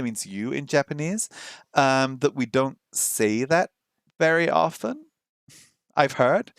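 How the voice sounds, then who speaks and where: A man hosting a language-learning vlog, chatting casually while trying out an app, thinking aloud with frequent ums and slowly sounding out simple phrases as a learner. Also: a little high, animated, clean tone, no room sound, studio quality. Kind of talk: casual screen-share commentary.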